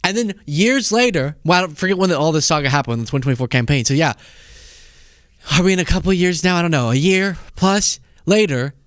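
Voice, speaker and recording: A man hosting a solo political commentary show, talking in an animated, incredulous and sarcastic way. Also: on the high side, brisk, no echo, studio quality.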